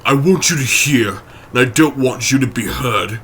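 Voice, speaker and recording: A man's voice: medium pitch, moderate pace, fairly bright tone, a little hiss or hum, natural voice. A man voicing a frightened, loyal middle-aged butler who speaks urgently and pleadingly. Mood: anxious urgent.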